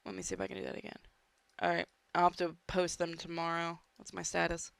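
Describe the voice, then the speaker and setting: A gaming host giving casual, chatty commentary while playing, drifting from quiet mutters to sudden shouts. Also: mid-range voice, little pitch movement, fast, vocal fry, clear, resonant tone, no echo.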